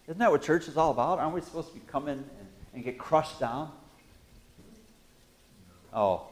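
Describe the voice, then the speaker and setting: A man preaching a sermon in church as pastor, joking with the congregation and breaking into sudden loud exclamations. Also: medium pitch, moderate pace, pauses often. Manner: animated, jokey preaching with sudden loud bursts.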